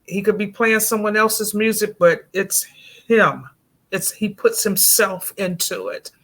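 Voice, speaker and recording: A woman hosting a radio interview with a bright, ringing voice. She talks warmly and effusively, laughing often between her questions. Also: medium pitch, unhurried. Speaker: radio show host. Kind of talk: casual interview.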